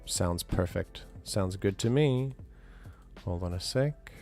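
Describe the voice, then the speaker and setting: A man's voice: sits low, animated, slow pace, dark tone, soft background music. A man chatting casually on a live stream, rambling with many restarts and fillers.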